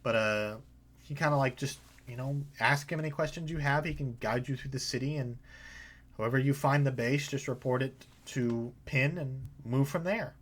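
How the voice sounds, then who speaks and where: A man's voice: medium pitch, normal speed. Casual male game master narrating. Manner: casual, filler-heavy narration.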